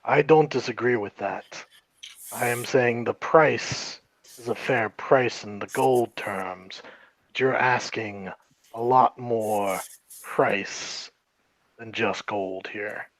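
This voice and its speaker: A man playing a wary, blunt captain who speaks slowly and firmly in a tabletop game. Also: medium pitch, no room sound, rough recording. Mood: guarded. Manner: slow, guarded, firm.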